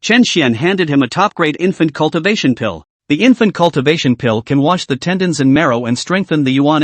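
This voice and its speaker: A man's voice: a little high, no echo. A man giving a scripted, storytelling narration of a fantasy novel.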